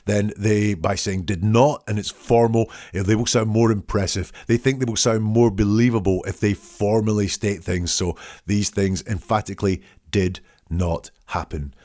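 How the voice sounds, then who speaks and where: Low, dry-voiced man analysing wording. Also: fairly even intonation, moderate pace, few pauses, a little mellow, no room sound. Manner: analytical, reads quotes aloud and picks apart wording. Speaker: host analysing statements. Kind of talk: solo commentary.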